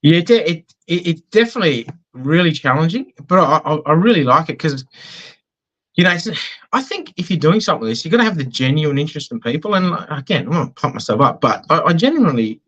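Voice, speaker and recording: A man's voice: on the high side, big pitch swings, fast talker, a bit bright, lo-fi sound. An Australian man chatting in an interview, telling anecdotes in a self-deprecating way. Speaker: business guest. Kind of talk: casual conversational interview.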